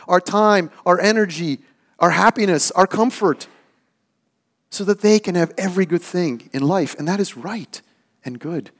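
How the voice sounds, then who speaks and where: A middle-aged male pastor preaching a sermon built around a personal story, self-mocking and often laughing. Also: medium pitch.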